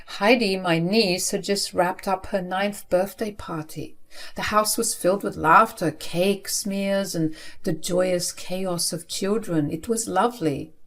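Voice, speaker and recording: A woman in her twenties telling her own life story in the first person, in a steady, earnest way. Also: lowish voice, a little slow. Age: 20s.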